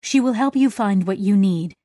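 A woman voicing a calm, diplomatic female translator aboard a ship. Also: medium pitch, normal speed, no room sound, clean studio sound, lightly acted.

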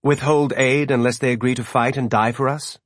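A man's voice: mid-range voice, fairly even intonation, dry recording, clean studio sound, lightly acted. A man voicing a resolute, pragmatic woman ship captain who speaks firmly and plainly. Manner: firm, measured, plain-spoken.

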